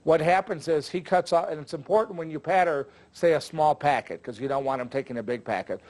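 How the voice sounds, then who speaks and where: An older man talks through magic tricks in a loose, conversational way, full of jokes and filler words. His voice sits a little high for a man. He sounds like a veteran teaching fellow performers. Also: fairly quick, darkish tone. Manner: chatty, jokey, with filler words. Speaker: magic instructor. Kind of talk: casual instructional talk.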